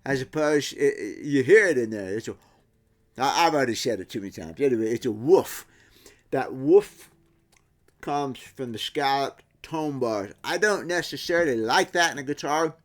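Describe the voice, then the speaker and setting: A middle-aged man talks through guitar tap tones in a relaxed workshop manner. He imitates the sounds with his own voice and often backs up to restart a sentence. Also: mid-range voice, normal speed. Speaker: guitar builder. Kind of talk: casual workshop explanation.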